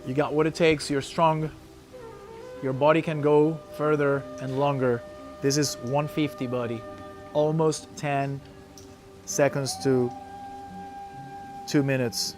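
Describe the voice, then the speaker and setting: A man's voice: medium pitch, little pitch movement, slow pace, pauses often, music in the background. A man coaching a breath-hold session, encouraging the group and calling out hold times.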